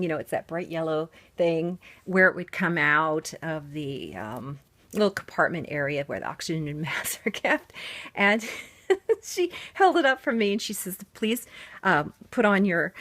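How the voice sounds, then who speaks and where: A woman telling a story to the camera in a chatty, casual way, laughing often and cooing softly while she dresses a doll. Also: medium pitch. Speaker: doll collector vlogger.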